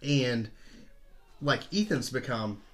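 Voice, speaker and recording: A man in his forties chats loosely as a podcast host, wandering through his thoughts with easy swearing and frequent laughs. His voice sounds a bit worn and hoarse. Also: mid-range voice, expressive, slow pace, a bit bright. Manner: rambling, laughs often, swears casually. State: slightly hoarse. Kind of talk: casual chat.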